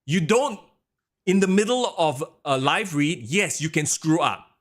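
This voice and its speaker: Man, fairly high lively voice, podcast co-host who rants and mimics commentators. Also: measured pace. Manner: animated, ranting, mimics announcers. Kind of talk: casual wrestling podcast chat.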